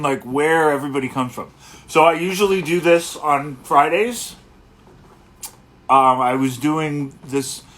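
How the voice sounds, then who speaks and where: Relaxed man chatting on a livestream. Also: a little high. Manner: relaxed, rambling, greets viewers by place. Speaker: guitarist hosting a livestream. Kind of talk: casual livestream chat.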